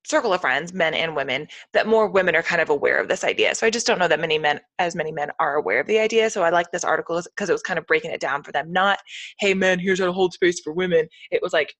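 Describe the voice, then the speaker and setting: A chatty woman in her thirties talks over a video call, voice sitting low for a woman. The sound is dry and close, with no room around it. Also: expressive, rapid-fire, few pauses, a bit bright, no room sound. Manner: chatty, acts out toddler and parent voices. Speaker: podcast co-host. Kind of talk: casual chat.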